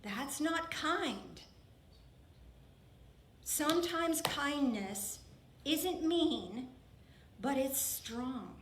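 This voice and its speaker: A fairly high-voiced woman minister gives an earnest, emphatic sermon and often repeats her phrases for weight. The room around her is roomy and echoing. A faint ambience hums behind her. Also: slight background noise. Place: church.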